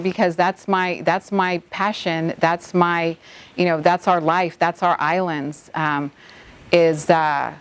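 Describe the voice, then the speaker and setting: A middle-aged woman from the Bahamas, an environmental nonprofit director, recalling a hurricane in an interview, halting and close to tears with many restarts. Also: fairly low pitch, fairly even intonation, clear, resonant tone. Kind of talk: emotional interview recollection.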